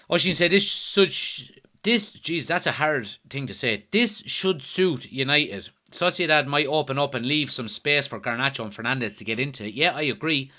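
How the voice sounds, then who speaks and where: A man's voice: mid-range voice, animated, a little slow, sharp tone. An Irish man hosting a live football watchalong stream, chatting casually, reading out viewer comments and answering them. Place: at home.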